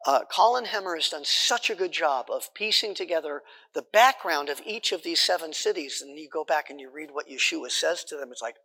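A man's voice: fairly high pitch, animated, brisk, hardly any pauses, pushed and bright, long reverb tail. A man teaching a Bible study class in a conversational way, repeating points and checking in with his listeners.

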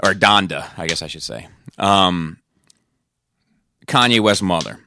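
Bright-voiced man telling a story. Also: low voice, measured pace, gravelly, slight background noise. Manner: animated storytelling, swears casually. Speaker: podcast co-host. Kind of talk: casual chat.

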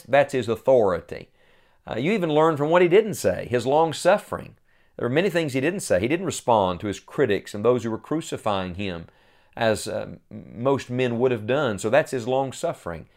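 Guy preaching a sermon, earnest, mid pitch, gets loud on the quotes. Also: expressive, moderate pace. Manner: earnest preaching, rises to loud cries when quoting.

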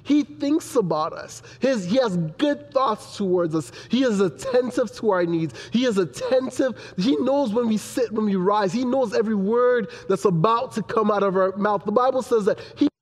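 Young male pastor, high voice, earnest preaching with repeated lines, reverberant hall sound. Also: moderate pace, few pauses. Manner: earnest, building repetition. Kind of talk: sermon.

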